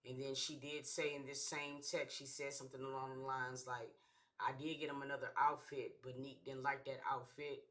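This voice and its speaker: A man's voice: mid-range voice, flat delivery, moderate pace, fairly bright tone. A man hosting a reaction channel, giving casual slangy commentary and often checking in with "you feel me".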